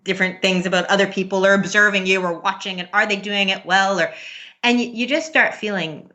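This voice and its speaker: A woman's voice: medium pitch, steady tone, a little fast, pushed and bright, muffled recording. A woman guest on a podcast, talking about parenting in a chatty, earnest way and laughing often. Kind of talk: casual interview talk.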